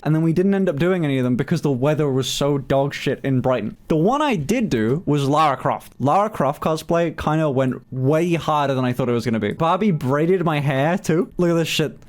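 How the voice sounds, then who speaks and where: A man streaming, telling a story in casual chat with lots of swearing and indignant outbursts. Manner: animated storytelling, swears often, jumps high in pitch when indignant.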